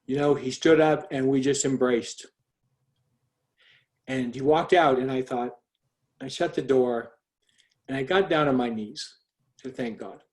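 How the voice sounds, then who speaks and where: A middle-aged man shares a personal faith testimony over a call. His voice sits in a middle pitch and stays quiet and earnest, and he often restarts his sentences as he tells the story. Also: unhurried, pauses often. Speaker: speaker sharing a testimony. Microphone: call audio.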